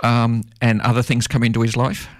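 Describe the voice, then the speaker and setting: A man's voice: medium pitch, little pitch movement, brisk, no echo. Man, radio presenter, casual studio banter, frequent laughs, dry close mic. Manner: laughs often, rambling with fillers. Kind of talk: casual on-air radio chat.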